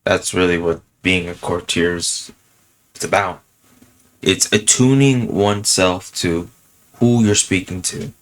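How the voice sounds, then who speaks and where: A man casually chatting and telling stories, laughing often and filling pauses with um and you know. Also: sits low, steady tone. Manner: drops fillers like um and you know. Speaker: podcast host. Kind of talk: casual chat.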